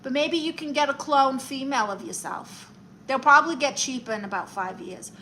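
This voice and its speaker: A woman's voice: high-pitched, normal speed, bright, forceful tone, slight background noise. A woman with a New York accent hosting a casual livestream, reading comments aloud and giving advice in a sassy, theatrical auntie manner. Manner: sassy, theatrical auntie, calls viewers honey and darlings.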